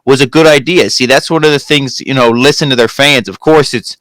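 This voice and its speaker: A man's voice: medium pitch, a little fast, a bit bright, no room sound. A man co-hosting a review show, chatting casually and rambling with lots of "you know" fillers. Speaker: co-host of a wrestling review show. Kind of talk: casual chat.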